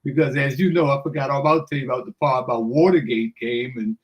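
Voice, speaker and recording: An older man telling a lively story on the radio. He acts out the voices as he goes, laughs often, and keeps calling the listener "man". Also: medium pitch, quick pace, poor audio. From Washington DC area. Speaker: guest storyteller. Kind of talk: animated anecdote on radio.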